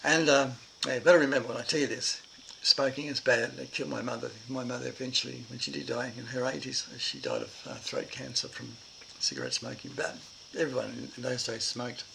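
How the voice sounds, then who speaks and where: A man's voice: mid-range voice, a little fast, creaky, sharp tone, a little hiss or hum, rough recording. An older man with an Irish Australian accent telling a childhood story in a rambling, reflective way. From Ireland and Australia. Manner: rambling and reflective, with many fillers.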